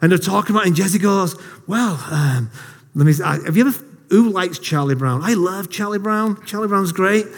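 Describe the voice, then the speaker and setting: Man preaching, high voice, joking and self-deprecating, long hall reverb. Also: animated, normal speed. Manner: jokey, self-deprecating storyteller. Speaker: lay preacher. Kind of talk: casual sermon to a congregation.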